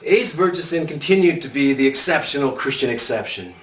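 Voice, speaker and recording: A man's voice: on the high side, animated, fairly quick, a bit bright. Wry man narrating a memoir, roomy sound. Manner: dry, wry storytelling. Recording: roomy sound from a distant mic.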